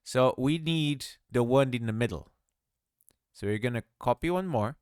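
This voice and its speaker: In a casual screen-recorded tutorial on making games, a man thinks aloud, teases himself, and laughs at his own work. His voice is mid-range and somewhat dark, delivered at normal speed. The sound is clean studio quality with no echo.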